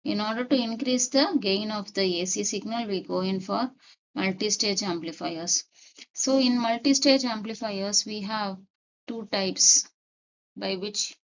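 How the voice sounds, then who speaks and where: A woman lectures in a measured, step-by-step way, going back over each key point to be sure it lands. Her voice has a gravelly, creaky edge. The recording sounds muffled and lo-fi. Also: mid-range voice. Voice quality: repeats key points deliberately. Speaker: teacher.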